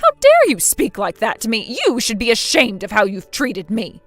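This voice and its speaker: A woman's voice: fairly high pitch, wildly swooping pitch, moderate pace, dry recording, faint music behind. Woman voicing a spiteful, scolding older mother-in-law. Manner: harsh, scolding, loud. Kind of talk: scripted text-message drama reading.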